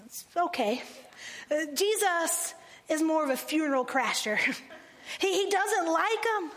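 High-voiced woman preaching, slow and deliberate. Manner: animated preaching with laughs and dramatic slow, hushed phrases. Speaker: pastor. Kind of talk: sermon.

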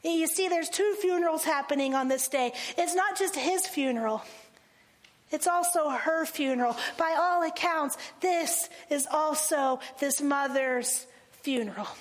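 A woman pastor delivers a sermon with a high voice. She speaks slowly and deliberately, breaking into laughter and sinking into hushed, drawn-out phrases to drive a point home. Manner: animated preaching with laughs and dramatic slow, hushed phrases.

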